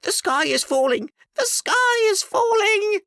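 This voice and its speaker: A woman doing a shrill panicky little chick. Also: big pitch swings, measured pace, no echo, studio quality, exaggerated voice. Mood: alarmed. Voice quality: shrill, yelling.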